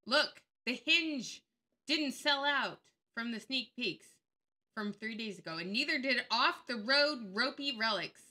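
Woman commentator, sharp and bright tone, sarcastic and fired-up casual delivery. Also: on the high side, expressive, measured pace. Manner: blunt, sarcastic, openly angry; swears freely. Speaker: YouTube commentator. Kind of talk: casual screen-share commentary.

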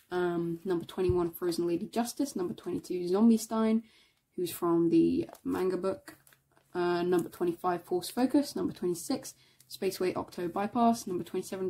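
A woman giving casual showcase commentary as a collector, reading out items one by one in a relaxed, offhand way. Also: lowish voice. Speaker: card collector showing a binder.

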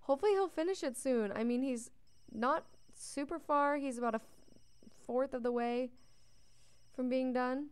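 A woman's voice: high voice, moderate pace, smooth, dry recording. A young woman giving casual, chatty gameplay commentary as a let's play host, talking to the characters on screen and yawning often. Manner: chatty, talks to the game characters. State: yawning a lot.

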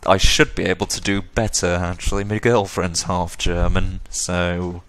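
Low-voiced man commenting on a game. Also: flat delivery, measured pace, fairly bright tone, clear, resonant tone. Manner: self-deprecating, offhand. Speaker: let's play host. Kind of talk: casual gameplay commentary and reading.

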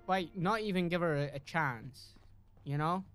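Sweary Scottish gamer. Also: male voice, a little high, unhurried, fairly bright tone, faint music behind. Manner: sweary, joking, rambling asides. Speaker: gaming streamer. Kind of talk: casual gameplay commentary.

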